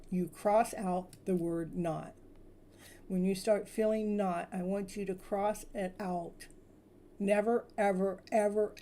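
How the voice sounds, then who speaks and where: A woman tarot reader speaking soothing spiritual affirmations, slowly repeating each phrase. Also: medium pitch, dark tone, slight background noise.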